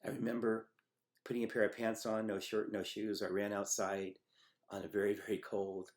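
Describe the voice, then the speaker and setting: A middle-aged man telling a personal memory in a halting, reflective way, with many pauses and fillers. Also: lowish voice, flat delivery. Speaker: storyteller recounting a personal memory. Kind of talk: personal testimony.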